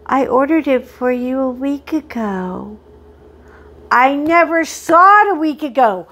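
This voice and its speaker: A middle-aged woman with a fairly high voice chats through an unboxing for her crafting channel. She talks at an unhurried pace, gets excited easily and keeps joking about herself. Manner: chatty, excitable, self-deprecating. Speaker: crafting vlog host. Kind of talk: casual chat while unboxing.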